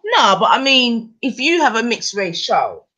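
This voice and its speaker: Man, podcast co-host, thinks out loud, keeps asking if you follow. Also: extremely high pitch, sing-song, a little slow. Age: adult with children. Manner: musing aloud, keeps checking the listener follows. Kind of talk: casual chat.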